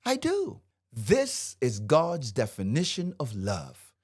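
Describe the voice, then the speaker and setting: A man's voice: mid-range voice, huge pitch swings, slow pace. A man in his fifties, a marriage coach and host, teaching faith-based marriage principles to camera in a fired-up, preacherly way and quoting scripture.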